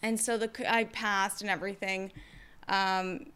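A young woman telling her personal story to camera in a casual, energetic way, expressive and quick, with playful asides. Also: medium pitch, smooth. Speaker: vlogger sharing her story.

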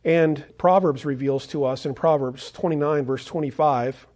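Brief: male pastor, sermon delivery, earnest storyteller, slightly high voice. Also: fairly even intonation, moderate pace, darkish tone.

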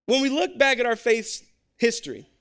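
A man preaching a sermon in an animated, conversational, joking way. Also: extremely high pitch, normal speed, clear, resonant tone. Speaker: pastor and basketball coach.

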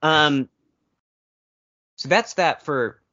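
A man's voice: fairly high pitch, very slow, bright, forceful tone, lo-fi sound. A man co-hosting a podcast in casual chat, rambling and wry with lots of fillers. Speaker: podcast co-host.

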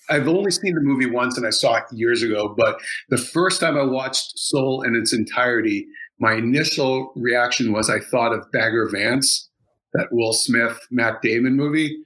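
A man chatting casually on a podcast, his voice bright and forceful. He rambles, circling his points with plenty of fillers and restarts. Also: mid-range voice, normal speed, low-quality recording. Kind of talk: casual chat.

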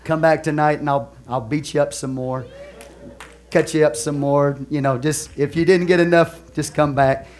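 A male pastor with a Texan accent delivers a sermon in a somewhat high voice. He talks to his church like a friend, drops to quiet asides, then builds to loud, driving calls, laughing and joking along the way. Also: fairly even intonation, normal speed. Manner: conversational preaching that swings from soft asides to loud exhortation; laughs and jokes with the congregation.

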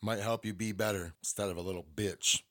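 A man's voice: lowish voice, fairly even intonation, quick pace. A middle-aged man hosting a solo podcast, telling a personal story in a blunt, candid way with lots of swearing. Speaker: podcast host.

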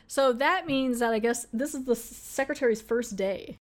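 A woman's voice: fairly high pitch, normal speed, hardly any pauses. A woman hosting a podcast, chattily recapping an episode, laughing often and acting out the characters' lines. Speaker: podcast host.

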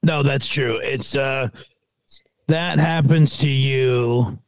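Gravelly man chatting casually. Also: mid-range voice, dry recording. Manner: chummy, agreeable, quick reactions. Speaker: podcast co-host. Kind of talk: casual chat.

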